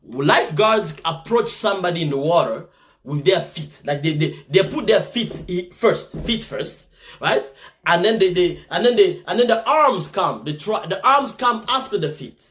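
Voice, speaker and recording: Animated man giving advice. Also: sits high, normal speed. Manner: animated, repeats himself, stumbles and restarts. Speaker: motivational speaker. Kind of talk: casual motivational talk.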